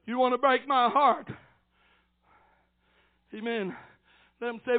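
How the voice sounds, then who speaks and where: An older preacher with a strikingly high voice delivers a fervent sermon, punctuating every few phrases with "amen" and building to shouted peaks. The sound is thin and tinny, like it came down a phone line. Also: male voice, steady tone, takes it slowly, long pauses. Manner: fervent preaching cadence, peppered with amens, swelling to shouts. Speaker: pastor. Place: church service.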